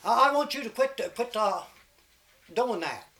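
A stern, bossy rich man in a folk tale lays down the law to his poor neighbor, as a high-voiced storyteller puts him on. The voice sits high and carries a scolding edge. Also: lively intonation, normal speed, sharp tone, heavily acted.

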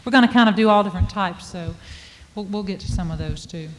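A woman's voice: medium pitch, quick pace, a little hiss or hum. A woman hosting, chatting casually and a little hesitantly between stories. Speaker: host. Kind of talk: casual announcing. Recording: long hall reverb, faint ambience.

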